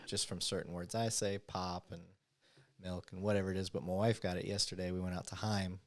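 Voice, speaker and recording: A man co-hosting a podcast about police work, talking in an easygoing way. His voice sits a little low, and he jokes along with his guest and agrees readily. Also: little pitch movement. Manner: easygoing, quick to agree and joke. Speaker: podcast host, police officer. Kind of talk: casual interview chat.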